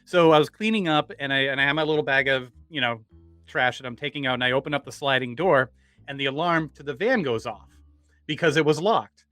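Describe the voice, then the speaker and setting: A man's voice: medium pitch, fairly quick, pushed and bright, no echo, soft background music. A man, a podcast guest, casually telling stories with many restarts and rambling asides.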